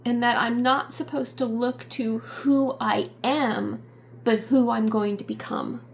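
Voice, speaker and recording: A middle-aged woman talks to her channel in a slow, reflective vlog, stopping often to gather her words. Her voice sits fairly high with a gravelly fry, and a faint hiss of noise stays under the recording. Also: steady tone. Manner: halting, reflective, many ums and pauses. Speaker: YouTube channel host. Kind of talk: personal vlog update.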